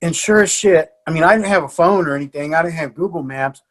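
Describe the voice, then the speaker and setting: A man's voice: a little high, fast. A middle-aged American man, a jiu-jitsu coach, telling stories casually as a podcast guest, swearing freely and laughing often. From USA. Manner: animated storyteller, swears, frequent restarts and laughs. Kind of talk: casual storytelling.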